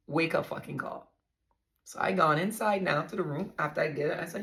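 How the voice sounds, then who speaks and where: A woman's voice: low-pitched, brisk, creaky, a bit bright. A woman vlogger candidly telling her own story to her viewers, blunt and profane, often calling them y'all.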